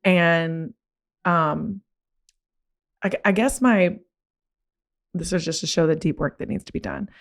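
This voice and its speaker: A woman's voice: takes it slowly, gravelly, pauses often. A woman hosting a podcast, telling a personal story in a candid, slangy way, her voice climbing when she gets worked up. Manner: animated, rising pitch when excited; casual, slangy. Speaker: podcast host.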